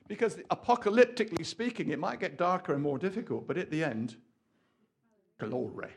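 A man preaching a sermon in an animated, rambling way, full of asides and questions to the audience. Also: fairly high pitch, a little fast, slightly rough.

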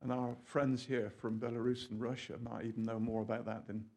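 A man preaching a sermon in an animated, rambling way, full of asides and questions to the audience. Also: medium pitch, a little fast, vocal fry.

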